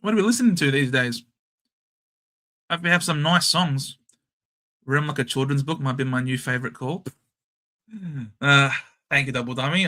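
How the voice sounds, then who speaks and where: Australian man, young, live stream host, casual watchalong commentary, bright voice, excitable. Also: on the high side. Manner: excitable, shouts at big plays, chats with viewers.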